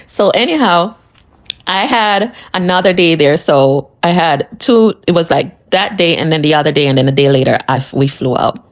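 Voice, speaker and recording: A woman's voice: deep voice, animated, normal speed. A woman from the United States casually telling a personal story in a chatty, sassy way, repeating phrases for emphasis.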